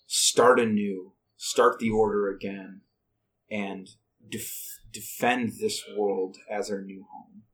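A man voicing a dying old male wizard who speaks in a slow, hushed, halting farewell. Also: on the low side, steady tone. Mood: solemn. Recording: distant mic, faint background noise.

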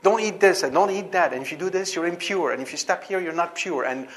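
A man putting on a fed-up, pleading voice, pitched well above his usual tone. He plays someone worn out by endless rules and complains with rising exasperation. The voice is loud and strained. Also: sing-song, normal speed, exaggerated voice. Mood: exasperated.

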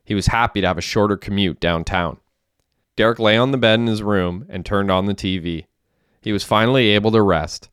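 A man narrating an audiobook with steady, plain delivery. His voice is low and smooth, recorded close and dry with no room sound. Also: brisk, no echo. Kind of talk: audiobook reading.

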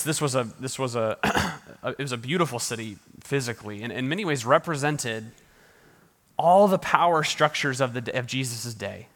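A man preaching a sermon in a church hall, his middle-pitched voice carrying a long reverb off the room. He talks conversationally, restarts phrases often and laughs lightly. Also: a bit bright. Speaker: pastor.

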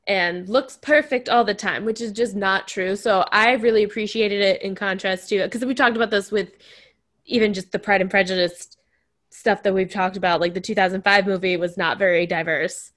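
Casual woman co-host, middle pitch, lively delivery. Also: moderate pace. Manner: animated, acts out quotes in a raised voice. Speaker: podcast co-host. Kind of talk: casual chat.

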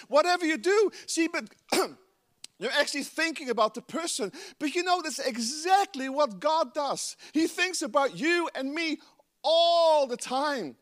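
A man with a Dutch accent preaches a sermon in a playful, self-mocking way. His voice sits high for a man and swings widely in pitch. He often chuckles at his own stories. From Netherlands. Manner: animated, playful, laughs at himself.

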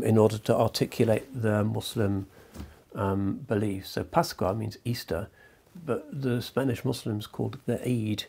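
A man giving a lecture in a measured, discursive way, often pausing with ums and restarting phrases. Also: medium pitch, gravelly, warm tone, breathy edge.

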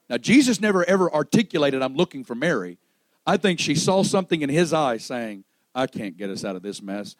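A man preaching a sermon, dramatic, swinging between loud exclamation and hushed storytelling, acting out the dialogue in the stories he tells. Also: on the high side, very animated, a little fast, dry recording.

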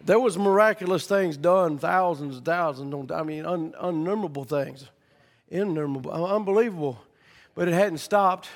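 A man preaching a sermon, rising from quiet storytelling to fervent shouting. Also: fairly high pitch, normal speed, in a large hall.

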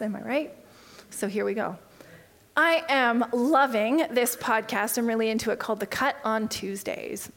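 A woman preaching with a slightly high voice in a relaxed, conversational sermon. She talks with animated directness and often lowers her voice to a hushed near-whisper to press a point home.

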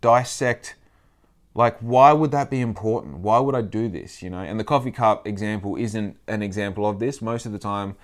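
Aussie bloke, lowish voice, just yarning away on his podcast, acts out what people said. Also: moderate pace. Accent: Australian. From Australia. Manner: rambling, swears freely, acts out quoted people. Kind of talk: casual monologue.

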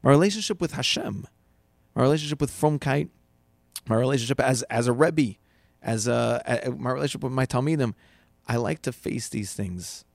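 A rabbi gives casual spoken advice in a mid-range, gravelly voice at a fairly quick clip, recorded dry. He's an animated storyteller who acts out the people in his stories, with lots of restarts.

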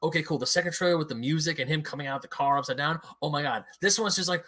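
Bright, enthusiastic podcast co-host. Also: male voice, on the high side, racing. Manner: enthusiastic, emphatic. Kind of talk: casual chat.

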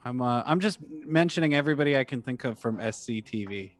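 A man's voice: mid-range voice, animated, quick pace, faint music behind. A man co-hosting a casual comedy podcast, dry and musing, often correcting himself. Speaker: podcast co-host.

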